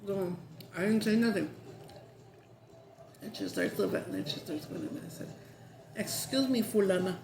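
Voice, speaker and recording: A woman's voice: medium pitch, moderate pace, pauses often. A woman chatting casually while eating on camera, slipping into Spanish phrases as she talks. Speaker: mukbang vlogger. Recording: echoey room with background noise.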